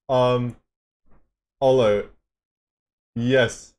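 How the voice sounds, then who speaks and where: An Australian man chatting casually on a live game stream, rambling and halting and breaking into giggles. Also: mid-range voice, a bit bright. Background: game music.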